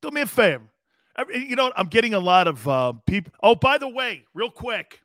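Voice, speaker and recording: A man hosting a live sports talk show, animated and joking, laughing often and swearing casually as he reads the chat. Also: sits high, moderate pace, no echo, studio quality. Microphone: studio mic he adjusts himself.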